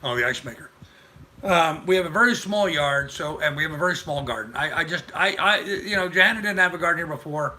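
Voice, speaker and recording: Older male host, rambling live chat, very bright voice, pitched a bit high. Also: expressive, fast talker. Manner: rambling, chatty, greets viewers. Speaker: livestream host. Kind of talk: casual live-stream chat.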